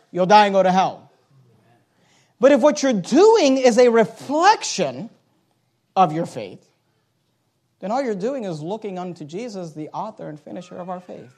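Emphatic high-voiced male preacher. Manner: emphatic, swings from loud urgent points to low quiet asides; reads scripture aloud in old-fashioned wording. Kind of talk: sermon.

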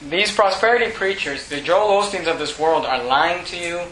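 A male pastor preaching a sermon, swinging from shouted peaks to hushed, quiet lines. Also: high voice, moderate pace, echoey room, a little hiss or hum, poor audio.

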